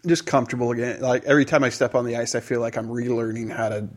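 A man's voice: mid-range voice, fairly even intonation, quick pace, a little hiss or hum. A man hosting a podcast, chatting casually and telling rambling stories with lots of restarts. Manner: rambling storyteller, many restarts and acted-out quotes. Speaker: podcast host. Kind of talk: casual chat.

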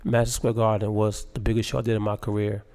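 Gravelly-voiced man telling stories. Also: fairly low pitch, fast talker. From Baltimore. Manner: animated, laughs often, lots of fillers. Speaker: guest comedian. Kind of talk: casual storytelling interview.

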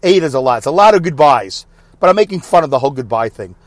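A chatty man records a rambling podcast from his parked car, mocking himself as he goes. His pitch swings a lot and runs a touch high. The sound is close and dry, with no room around it. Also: lively intonation, fast talker, no echo. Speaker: podcast host. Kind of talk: casual solo podcast chat.

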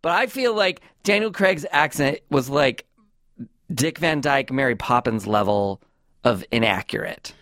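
Brief: male comedy podcast host, mid-pitched, rambling and chatty, dry close mic. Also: measured pace, dry recording. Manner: chatty, rambling, animated with restarts. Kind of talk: casual comedic chat.

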